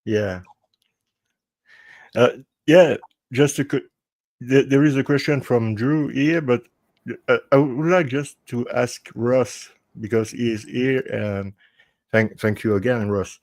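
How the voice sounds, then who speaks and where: Slow, halting male podcast host. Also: medium pitch, a little mellow, no room sound. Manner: halting, restarts words. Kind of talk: casual panel discussion.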